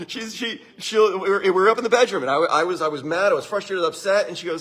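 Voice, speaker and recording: Animated, husky man giving a talk. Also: high voice, a little fast. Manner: animated, laughs often, addresses listeners directly. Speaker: speaker presenting relationship advice. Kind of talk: live talk to an audience.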